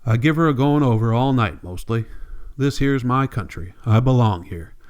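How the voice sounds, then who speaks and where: A man reading the part of a stubborn, cranky old grandfather farmer with a gruff, defiant rural drawl. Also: medium pitch, expressive, normal speed, a little mellow, muffled recording, close to an everyday voice.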